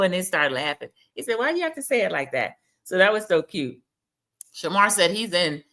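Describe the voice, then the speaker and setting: A woman with a lowish, pushed and bright voice hosts a casual, gossipy recap of a reality TV episode, speaking directly to her viewers.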